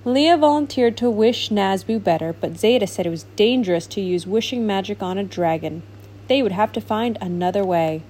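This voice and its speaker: A woman reading a children's storybook aloud with animated, expressive narration. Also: mid-range voice, moderate pace, slight background noise. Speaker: storybook reader.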